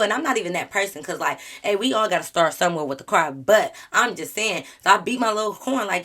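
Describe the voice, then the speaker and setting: With plenty of slang and attitude, a female YouTuber recounts a story for her vlog. She speaks at a medium pitch, keeps the retelling animated, and talks quickly with few pauses.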